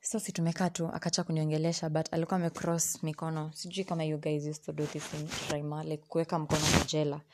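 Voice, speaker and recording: A young Kenyan woman telling a personal story in a lively, exasperated way, switching between English and Swahili slang. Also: low-pitched, quick pace, few pauses, a little hiss or hum.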